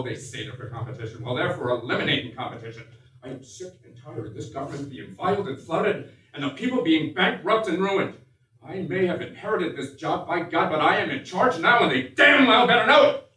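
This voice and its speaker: A man's voice: mid-range voice, fast talker, hardly any pauses, natural voice. An older man with a Missouri accent, playing a blunt, folksy American president in a one-man stage show. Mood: indignant. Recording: echoey stage from far off.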